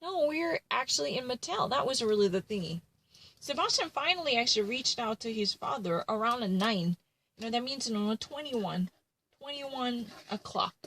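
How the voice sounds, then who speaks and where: A woman's voice: a little high, lively intonation, moderate pace, a bit bright, a little hiss or hum, low-quality recording. A woman retelling a true crime case in casual commentary, rambling and full of fillers and self-corrections.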